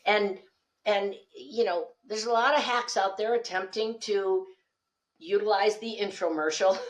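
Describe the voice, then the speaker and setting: A woman speaking coach, a guest on a podcast, telling animated stories and acting out the dialogue. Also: mid-range voice. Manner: animated storyteller, acts out quoted dialogue. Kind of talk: lively podcast conversation.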